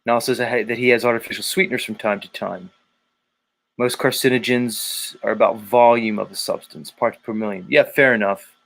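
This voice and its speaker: A man's voice: on the low side, fairly even intonation, moderate pace, gravelly, fairly bright tone. A man hosting a livestream, chatting casually and crudely as he greets viewers and reads their comments. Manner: crude, joking, rambling. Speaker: livestream host.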